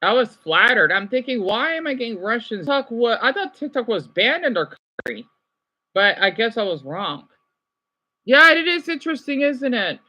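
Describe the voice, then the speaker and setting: A man's voice: sits high, lively intonation, normal speed, sharp tone, low-quality recording. A young man reading viewers' chat comments aloud and answering them on a casual livestream. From United States.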